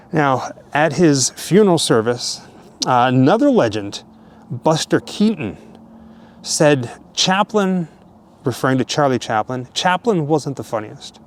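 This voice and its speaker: A man hosting a vlog, narrating casually at a cemetery in a relaxed, chatty way. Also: on the high side, takes it slowly. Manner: relaxed, chatty, chuckling asides. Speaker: vlogger, host. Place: outdoor cemetery.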